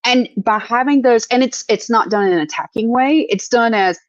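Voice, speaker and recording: A woman's voice: on the high side, normal speed, few pauses, dry recording. Earnest woman, dull dry sound. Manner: earnest, storytelling with acted-out quotes. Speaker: podcast co-host. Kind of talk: casual chat.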